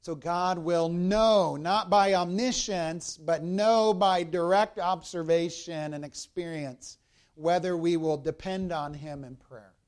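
A man's voice: high-pitched, slow pace, clear, resonant tone. A man preaching a sermon as a pastor, explaining a Bible passage verse by verse and speaking directly to the congregation.

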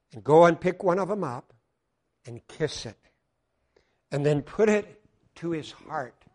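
An American man from Colorado preaching a sermon, swinging between loud exclamations and hushed, earnest asides. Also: fairly high pitch. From Colorado, United States.

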